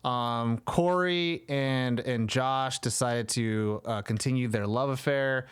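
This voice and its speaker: Animated, swearing male podcast host. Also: mid-range voice, slow pace, smooth. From Northern California. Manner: animated, profane, acts out quotes. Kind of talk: casual chat.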